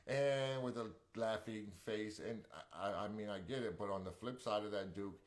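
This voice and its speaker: Here a man with a fairly low voice speaks at a normal pace while co-hosting a relationship talk show. He chats loosely, reading viewer comments and wandering off with slang and restarts.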